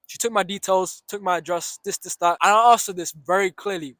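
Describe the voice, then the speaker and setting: A young man telling a story about his day, swearing freely and acting out the shouts and the other voices. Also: high voice, steady tone, fairly quick, hardly any pauses, dry recording. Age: young adult. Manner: swears freely, retells with reenacted shouts and asides. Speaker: storyteller vlogger. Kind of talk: animated storytime monologue.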